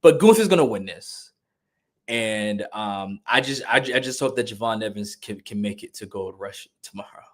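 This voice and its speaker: Excitable man riffing on wrestling. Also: on the low side, normal speed. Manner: excitable, jokey, rambling with restarts and slang. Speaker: podcast co-host. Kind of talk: casual wrestling podcast chat.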